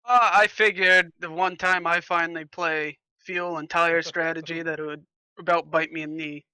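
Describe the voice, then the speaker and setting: A man lays out his race strategy in a steady, frustrated way. His voice is very bright and slightly high, with little rise and fall. The mic is close and dry. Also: moderate pace, clean tone, no room sound, low-quality recording. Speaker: race driver. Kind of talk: post-race interview.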